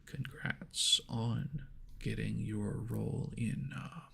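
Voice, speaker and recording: A man hosting a whispered ASMR chat into an ears mic, soft and rambling, laughing at himself. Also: fairly low pitch, fairly even intonation, takes it slowly, vocal fry, breathy edge. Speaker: ASMR channel host. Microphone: homemade binaural ears mic.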